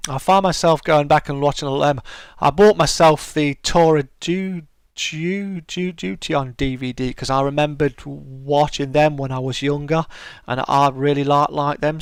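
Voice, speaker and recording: British man, stream host, relaxed chat, fairly high voice, smooth and dry sound. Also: normal speed, no room sound. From United Kingdom. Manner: laid-back, chatty, reads out and answers viewer comments. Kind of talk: casual live-stream chat.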